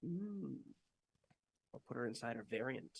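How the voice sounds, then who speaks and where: Male podcast co-host, mid pitch, hesitant and musing, trails off often. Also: sing-song, measured pace, gravelly, slightly rough. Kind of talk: casual chat.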